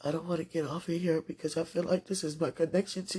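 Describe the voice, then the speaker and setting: A woman podcaster giving a slow, earnest, deeply emotional devotional monologue. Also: steady tone, warm tone, slightly rough.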